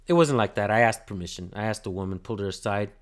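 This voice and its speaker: A man's voice: on the low side, fast. Blunt, profane man telling a story. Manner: profane, blunt, thanks viewers by name. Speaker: channel host filming police. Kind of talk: casual livestream storytelling.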